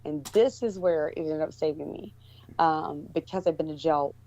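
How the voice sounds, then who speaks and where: A woman's voice: low voice, moderate pace, dark tone. A woman guest telling a story in casual talk, rambling with many restarts and fillers. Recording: dull lo-fi recording.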